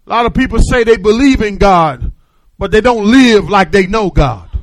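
A man preaching a sermon in call-and-response style, swinging from shouted declarations to hushed, confiding asides. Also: sits high, animated, moderate pace, no room sound, rough recording.

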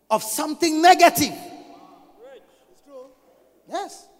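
A man preaching a sermon, swinging between loud emphatic bursts and quiet asides. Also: sits high, big-room sound. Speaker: pastor.

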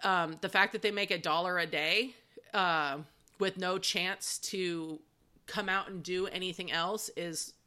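A woman's voice: fairly low pitch, fairly even intonation, measured pace, pushed and bright. A woman hosting a casual group podcast, chatty and opinionated. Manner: chatty, opinionated, laughs often. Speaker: podcast host.

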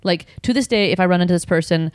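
A woman telling a work story in casual chat, animated and swearing, acting out what she said back then. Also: fairly low pitch, quick pace, no echo, studio quality. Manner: animated, swearing, acts out her own past lines.

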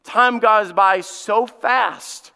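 A man's voice: sits high, gravelly, pushed and bright, clear, resonant tone. Emphatic man preaching in a reverberant church. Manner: emphatic preaching with dramatic pauses and repetition. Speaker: lead pastor. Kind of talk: sermon. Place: church sanctuary.

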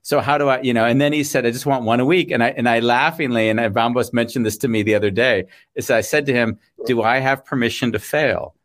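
A man's voice: medium pitch, fairly even intonation, fast talker, few pauses. A man co-hosting a podcast who responds with enthusiasm and relates his own stories. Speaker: co-host. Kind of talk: casual chat.

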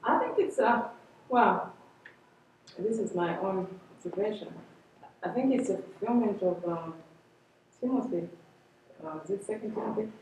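A woman's voice: mid-range voice, moderate pace, pauses often, a little mellow, slight background noise. A woman in a class discussion, speaking hesitantly and searching for her words. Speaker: class member. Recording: distant, echoey room mic.

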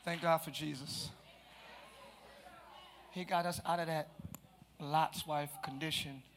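A man preaching a live sermon as pastor, shouting and calling out to his congregation. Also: fairly high pitch, steady tone, slow, slight background noise. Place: church sanctuary.

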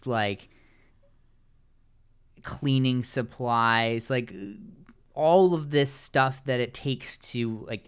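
A man co-hosting a podcast, chatting casually and sarcastically about a reality show, with halting restarts. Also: mid-range voice, fairly bright tone, clear, resonant tone. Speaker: podcast co-host. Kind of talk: casual podcast recap chat.

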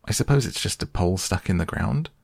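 A man voicing a fussy, self-important male rabbit who talks quickly and pompously. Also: low voice, expressive, gravelly, a little mellow, no room sound, clean studio sound, full character voice.

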